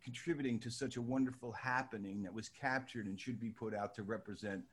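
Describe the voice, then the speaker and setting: An older man from New Jersey telling a lively anecdote, acting out the voices of the people in it. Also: mid-range voice, brisk, breathy edge. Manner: lively, acts out voices in his story. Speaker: storyteller guest.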